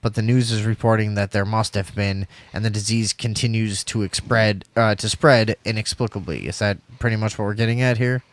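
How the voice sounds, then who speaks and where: A man's voice: on the low side, fairly even intonation, normal speed, hardly any pauses. A man hosting a casual call-in talk show, rambling with many restarts and frequent swearing.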